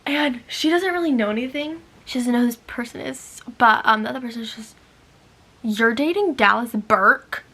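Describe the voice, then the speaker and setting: A young woman chatting excitedly as a book vlogger, bubbly and full of "like". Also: a little high, quick pace, hardly any pauses. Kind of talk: casual chat.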